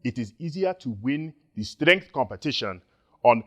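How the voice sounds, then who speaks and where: Animated man giving a conference talk. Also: mid-range voice, moderate pace. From Nigeria. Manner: animated, joking with the audience. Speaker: conference speaker.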